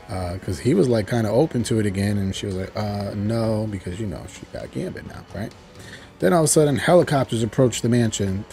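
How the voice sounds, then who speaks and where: A man's voice: fairly low pitch, animated, a little fast, gravelly, mellow, soft background music. A man giving a casual, chuckling recap of a TV episode as he loosely paraphrases its dialogue. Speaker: TV show reviewer.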